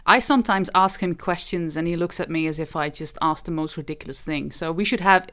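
A woman's voice: low voice, a little fast, a bit bright. A woman on a podcast talking casually, hesitant and self-deprecating.

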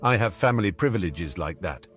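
A man's voice: sits low, animated, brisk, fairly bright tone, faint music behind. Man voicing a cheeky, wry teenage wizard. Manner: sardonic, breezy.

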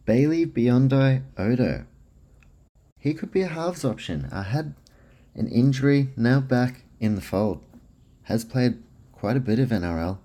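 A man's voice: fairly low pitch, mellow. A man hosting a casual solo sports podcast, chatty and self-deprecating, reading through lists of names with a dry mouth. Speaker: podcast host.

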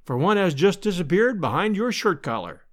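A man voicing a dry, grim older male professor who speaks in a measured, sober way. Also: high-pitched, sing-song.

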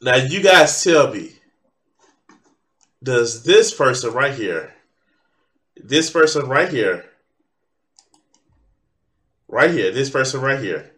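A man's voice: mid-range voice, lively intonation, slow, long pauses, a bit bright. A man hosting a reaction video, ranting casually with mocking sarcasm and a lot of swearing. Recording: echoey room.

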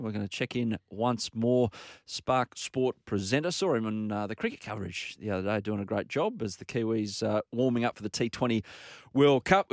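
A man's voice: mid-range voice, no echo, clean studio sound. A man hosting a casual sports radio show, bantering with a chatty, joking manner.

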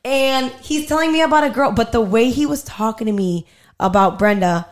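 Speaking at normal speed with a slightly high voice, a woman spins a lively story in casual talk. She doesn't hold back on swearing, and she acts out the quotes as she goes.

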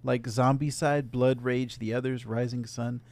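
A man's voice: medium pitch, little pitch movement, measured pace, gravelly, darkish tone. A man hosting a casual video game podcast, reading out news items and bantering with his co-hosts. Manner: reads headlines then banters.

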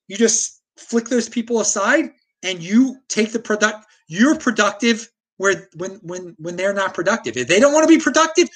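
A man's voice: high-pitched, a bit bright, husky. A man hosting a livestream, ranting heatedly and often restarting his sentences as he reacts to viewer chat. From United States. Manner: heated, combative, with frequent stammered restarts. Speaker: host.

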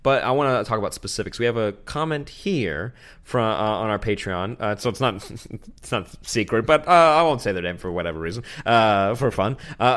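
A man's voice: on the low side, lively intonation, a little fast, a bit bright. A man hosting a podcast in casual chat, telling rambling stories and swearing casually. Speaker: podcast host.

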